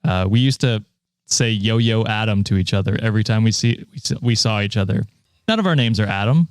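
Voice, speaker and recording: A man's voice: fairly low pitch, expressive, fast, dry recording. A man co-hosting a casual podcast, rambling with lots of ums and frequent giggles. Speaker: podcast co-host.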